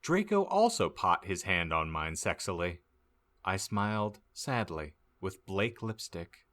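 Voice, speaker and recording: Deep, slow deadpan male reader. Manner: deadpan, stumbling over misspelled words. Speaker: podcast host reading aloud. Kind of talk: comic audiobook reading.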